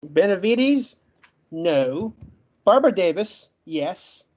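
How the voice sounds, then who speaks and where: A man's voice: high-pitched, sing-song, a little mellow, lo-fi sound. Man with a stutter, making his case. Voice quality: stutters, gets stuck on words. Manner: brisk, emphatic, lists facts. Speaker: debate guest. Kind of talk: online debate closing argument.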